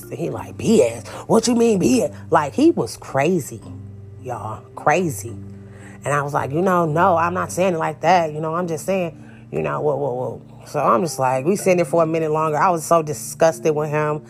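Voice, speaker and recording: A woman telling a personal story in a casual, candid, emphatic way, speaking straight to her viewers. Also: deep voice.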